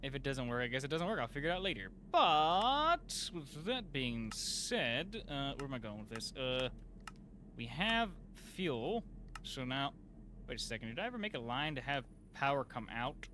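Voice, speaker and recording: A man talks through his game in a casual, self-mocking way, full of fillers and sudden yelps. His bright voice swings widely in pitch, going from muttering to shouting. A faint background hum sits under the recording. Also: big pitch swings, moderate pace. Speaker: gameplay youtuber. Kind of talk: casual let's play commentary.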